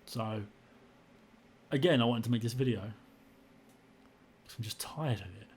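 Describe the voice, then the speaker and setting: A man's voice: medium pitch, a little slow, darkish tone, slightly rough. A young man tells his own story in a frustrated, indignant way, often repeating himself. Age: young adult. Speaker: vlogger. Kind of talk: personal story to camera.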